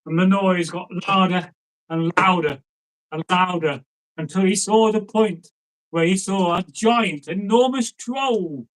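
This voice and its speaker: A man tells an old folk tale in a loose, conversational way. He wanders off into asides and then picks the thread back up, and his voice sits fairly high for a man. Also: measured pace, poor audio. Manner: chatty, digressive, with asides to the listener. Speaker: storyteller. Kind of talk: casual folk-tale storytelling.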